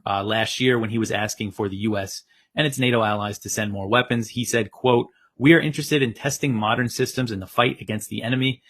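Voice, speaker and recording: A man reading the news in a steady, plain delivery, quoting sources. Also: mid-range voice. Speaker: news presenter.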